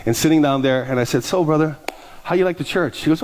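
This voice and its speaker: A man's voice: on the high side, fast, a little mellow. A male pastor preaching a storytelling sermon, acting out both sides of conversations.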